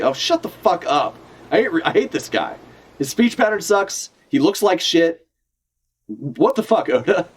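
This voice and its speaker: A man's voice: a little high, big pitch swings, fairly quick, slightly rough. A young man streaming a live reaction, talking casually with lots of swearing and filler words. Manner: casual, profane, full of fillers.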